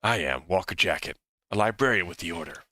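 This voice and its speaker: A man voicing a stern young male librarian hero, speaking in a low, measured and formal way. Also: sharp tone. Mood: earnest.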